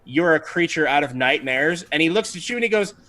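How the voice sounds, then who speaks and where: A man's voice: on the high side, animated, fairly quick, pushed and bright. A man acting as game master, narrating a tabletop game on a livestream in an easygoing, chatty way with frequent ums.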